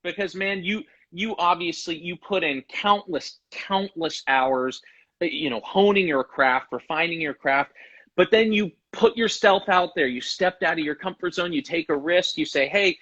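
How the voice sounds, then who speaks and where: Bright, upbeat host, lo-fi stream sound. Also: male voice, fairly high pitch, normal speed. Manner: enthusiastic, praising, says "man" often. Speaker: interview host for a guitar pickup company. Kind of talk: casual interview chat. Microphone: video call or live stream.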